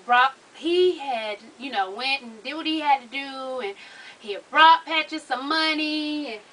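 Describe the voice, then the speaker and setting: A woman's voice: sits high, measured pace, fairly bright tone. Laughing young woman telling a story. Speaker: relative and co-host. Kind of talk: casual comedic chat.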